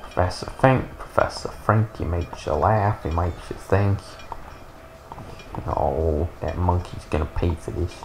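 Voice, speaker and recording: A man attempting a quiet nerdy cartoon professor. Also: low-pitched, measured pace, noisy background. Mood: mock-earnest.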